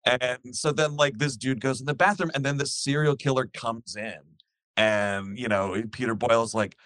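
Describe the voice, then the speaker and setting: A man's voice: medium pitch, normal speed, dry recording. A man in casual podcast chat, rambling and acting out scenes as he retells them. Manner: rambling, animated, acts out scenes while retelling. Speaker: podcast co-host.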